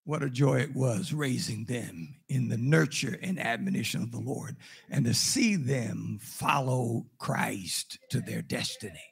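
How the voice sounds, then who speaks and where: An older man preaching a sermon, telling a family story with loud exclamations and hushed asides. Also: mid-range voice, a little slow, creaky, breathy edge. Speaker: pastor.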